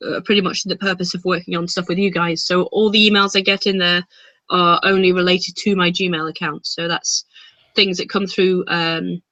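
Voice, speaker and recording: A woman chatting casually as a guest, rambling with many pauses and fillers. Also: on the low side, level tone, pushed and bright, no echo, muffled recording. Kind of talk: casual chat.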